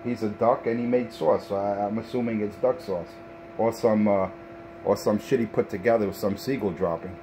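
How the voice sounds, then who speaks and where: A man's voice: lowish voice, steady tone, moderate pace, noisy background. A man trash-talking over the radio, taunting and repeating himself, with plenty of profanity. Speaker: CB radio talker.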